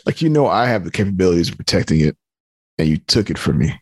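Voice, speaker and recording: A man's voice: deep voice, big pitch swings, fast, darkish tone, slightly rough. A man chiming in on a podcast with blunt, slangy remarks. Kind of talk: casual chat.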